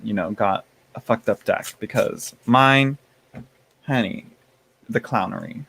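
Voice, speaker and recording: A man's voice: mid-range voice, gravelly. Tired, chatty man live-streaming. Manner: rambling, chatty, with many fillers and restarts; playful sass, addresses chat as y'all and honey. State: tired, yawning. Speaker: tarot streamer. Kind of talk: casual live-stream chat.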